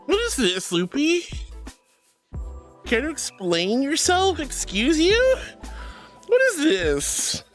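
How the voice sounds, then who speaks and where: Lively streamer gushing over chat, lots of sweeties and honeys, voice jumping high then dropping low, faint music behind. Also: slow pace, long pauses. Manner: affectionate, calls viewers sweetie and honey; animated, jumps between high squeals and low mutters. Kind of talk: casual chat reading out viewer messages.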